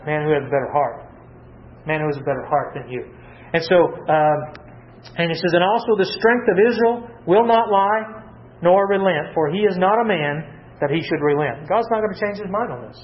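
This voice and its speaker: A man's voice: high-pitched, normal speed, dull audio. A man preaching a sermon, asking the listeners questions and answering them himself. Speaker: pastor.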